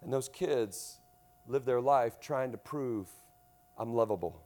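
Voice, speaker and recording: Delivering a sermon at a slow pace, this male pastor has a medium-pitched voice. He moves from booming emphasis to quiet moments and asks his congregation questions.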